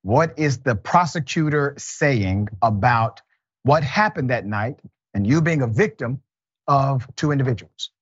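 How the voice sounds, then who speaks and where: A man's voice: medium pitch, animated, unhurried, husky, no echo, muffled recording. A man hosting a news talk show, reading viewer comments and a company statement and questioning a guest. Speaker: host.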